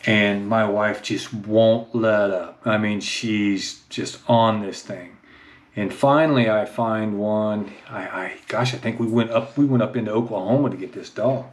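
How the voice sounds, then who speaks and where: A man's voice: on the low side, unhurried, slight background noise. A middle-aged man, telling a casual, self-mocking story at home in his home office. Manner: chatty, self-mocking, rises into excited baby-talk with the dog. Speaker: vlogger.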